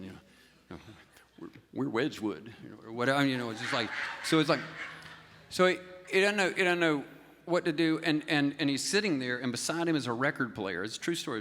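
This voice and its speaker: A man's voice: mid-range voice, fairly bright tone, long reverb tail. A man telling a rambling music story in a casual way, with many restarts and small chuckles. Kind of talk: casual spoken storytelling before a song.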